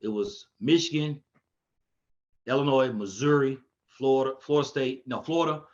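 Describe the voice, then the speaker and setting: Guy telling old football stories, gets loud doing other people's lines, kinda muffled lo-fi audio. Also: medium pitch, moderate pace. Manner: animated, acts out quotes in a raised voice. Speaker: podcast guest, coach. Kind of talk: casual storytelling chat.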